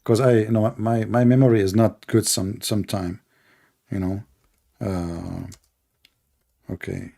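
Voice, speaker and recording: A man's voice: on the low side, flat delivery, unhurried, gravelly, pauses often, dark tone. A man giving mocking, exasperated commentary, sarcastic and laughing. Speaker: religious debate commentator.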